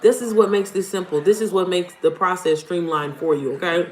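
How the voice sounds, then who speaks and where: Her voice is lowish, steady, a little mellow, and slightly fast as this mom business coach hosts a laid-back livestream. She's chatty and blunt, swears casually, and calls viewers "y'all," with faint music echoing in a roomy home setting.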